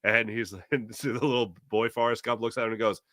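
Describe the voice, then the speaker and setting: A man hosting a sports talk show, reading an ad and the live chat in a jokey, animated way. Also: medium pitch, brisk, no echo, clean studio sound. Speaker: podcast host.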